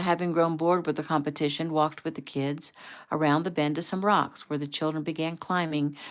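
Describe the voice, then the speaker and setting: Woman, author reading her novel, casual, conversational, low voice, gravelly, at home. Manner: relaxed, conversational.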